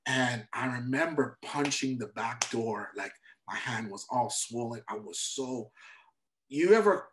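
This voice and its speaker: Man telling a lively backstage story. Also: mid-range voice, unhurried, background noise. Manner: acts out other people's lines while telling a story. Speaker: comedian guest. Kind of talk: animated storytelling interview.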